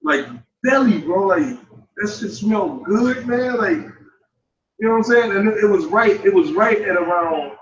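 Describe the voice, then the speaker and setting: A man's voice: high voice, lively intonation, a little slow. A man preaching in a loose, slangy and profane way, telling a personal story and laughing between points. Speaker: street preacher. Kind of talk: casual street sermon. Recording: dull, roomy, from far off.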